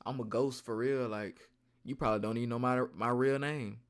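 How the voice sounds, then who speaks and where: A young man streaming, telling a rambling story in a casual, slangy and animated way. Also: mid-range voice, fairly quick.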